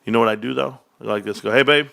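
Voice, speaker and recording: Fairly low but bright, his creaky voice holds a steady tone while he talks very fast. On a casual livestream, this stock host spins rambling jokey stories packed with "bro" and plenty of laughter.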